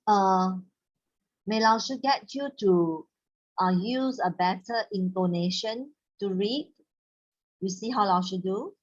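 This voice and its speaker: A woman's voice: mid-range voice, lo-fi sound. A woman teaching a Mandarin class online, instructive and slipping Malay words into her English. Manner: instructive, mixes in Malay words, models tones slowly.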